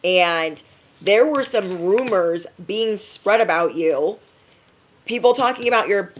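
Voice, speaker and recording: Young woman, tarot reader, talkative and playful, lots of laughs and quick impressions. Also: mid-range voice, animated, slight background noise. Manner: chatty, laughing, slips into playful quoted voices. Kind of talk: intuitive reading to viewers.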